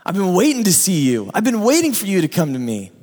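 A preacher playing an earnest, eager tax collector. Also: male voice, high voice, huge pitch swings, fast talker, darkish tone, full character voice. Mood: longing. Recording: echoey hall reverb.

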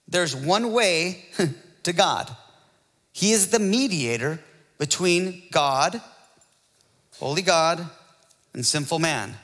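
A male pastor preaching a sermon, building to excited rhetorical questions and calls to the congregation. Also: fairly high pitch, in a large hall.

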